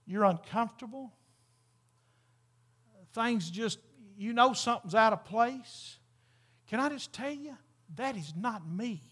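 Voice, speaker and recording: A male pastor, preaching a sermon to a church congregation in a fervent, emphatic way that builds to loud exclamations. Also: extremely high pitch, expressive, slow pace, pauses often.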